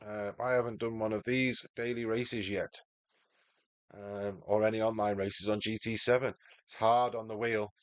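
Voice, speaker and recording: With a fairly low, level voice and a clean tone, a Mancunian man commentates his sim-racing stream at a moderate pace, greeting viewers by name as he goes.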